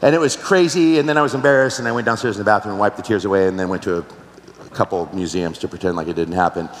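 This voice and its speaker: A man's voice: lowish voice, racing, slight background noise. A male pastor preaching a sermon, telling a personal story earnestly and asking the listeners questions. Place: large church hall. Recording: roomy hall with long reverb.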